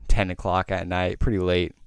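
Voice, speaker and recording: A podcast host telling a story in casual chat, rambling and swearing often. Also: male voice, low-pitched, completely flat delivery, moderate pace, clear, resonant tone, no room sound, clean studio sound. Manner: rambling, profane, heavy filler words.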